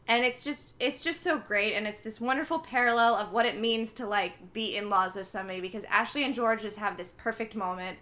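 With a slightly high voice and a brisk delivery that rarely pauses, a young female podcast co-host retells a movie one scene at a time. She chats casually and animatedly, voicing the characters' quoted lines herself.

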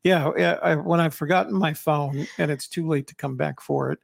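A man's voice: fairly high pitch, fairly even intonation, moderate pace, gravelly, no room sound, studio quality. An older man, a co-host and author, talking in a rambling, reflective way with many restarts in a casual chat.

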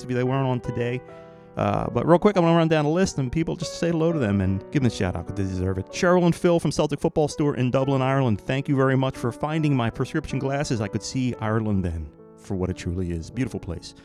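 A man's voice: mid-range voice, darkish tone. Upbeat chatty male podcast host. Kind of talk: solo podcast shout-outs and thank-yous.

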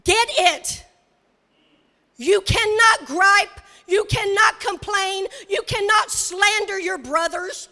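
A woman preacher delivering a sermon, emphatic and repetitive, rising to shouts. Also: very high-pitched, slow. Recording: reverberant hall.

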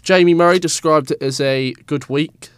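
A man's voice: a little high, normal speed, smooth, dry recording. A man co-hosting a casual sports podcast, rambling and stumbling over player names with self-mocking asides.

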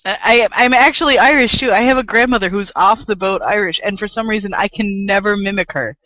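A woman's voice: mid-range voice, bright, forceful tone, low-quality recording. A woman co-hosting a casual podcast, rambling, swearing freely and laughing often on a home microphone. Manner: rambling, profane and quick to laugh. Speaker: podcast co-host. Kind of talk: casual chat.

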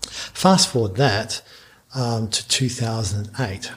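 A man, a business founder telling a long anecdote in a podcast interview, lively and full of restarts. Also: fairly low pitch, slow pace, breathy edge. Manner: animated anecdote telling with frequent restarts and laughs.

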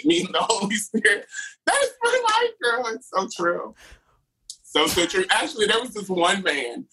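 A drag performer from California telling dating stories as a podcast guest, animated and laughing often, calling everyone "girl". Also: high voice, slight background noise, low-quality recording. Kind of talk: casual chat.

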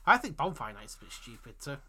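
A man's voice: mid-range voice, big pitch swings, fast, sharp tone, slightly rough. A young English man co-hosting a podcast, bantering crudely and laughing a lot. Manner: crude, jokey, laughs often. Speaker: podcast co-host. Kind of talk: casual banter.

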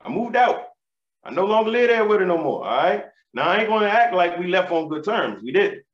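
A man in his thirties doing stand-up comedy, telling animated, profane stories in street slang. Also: high-pitched, a little fast. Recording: roomy, slightly dull live recording.

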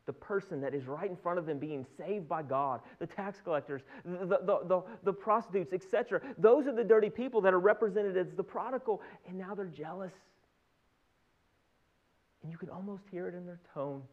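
A man's voice: sits high, fairly quick. Man, pastor, sermon teaching, earnest, repeats words, dull lo-fi sound.

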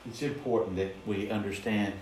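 A lowish, darkish male voice with fairly even intonation fills a very echoey church as he preaches a sermon, slow and emphatic, stacking repeated phrases. He's set back from the microphone, and faint room hum is audible.

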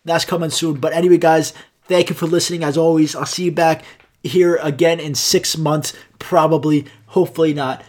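Young man, solo podcast host, rambling, sarcastic, heavy swearing, slightly high voice. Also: steady tone, moderate pace, darkish tone.

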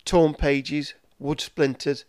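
A man's voice: a little high, level tone, slow pace, darkish tone, no room sound. Man reading a storybook aloud. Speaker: narrator. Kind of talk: storybook narration.

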